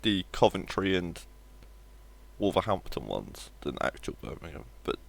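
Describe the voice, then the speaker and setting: Wry, animated man chatting on stream. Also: sits low, measured pace, vocal fry. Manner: wry, joking, swears offhandedly. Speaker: live streamer. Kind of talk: casual live-stream chat while gaming.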